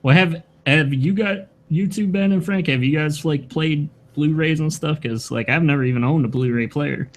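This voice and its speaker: A man guest in casual podcast chat, relaxed with a few hesitations. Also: fairly high pitch, moderate pace, hardly any pauses, a little hiss or hum.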